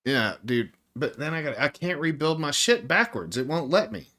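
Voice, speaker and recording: A man's voice: a little high, big pitch swings, normal speed, bright, forceful tone. A man developing a game on a live stream, thinking aloud through his code, frustrated and swearing constantly while he talks to viewers.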